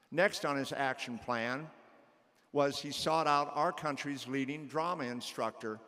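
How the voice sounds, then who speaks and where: A middle-aged male teacher giving a commencement speech, telling a story in a measured way with a repeated refrain. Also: medium pitch, fairly bright tone, long reverb tail. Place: graduation ceremony in a large hall.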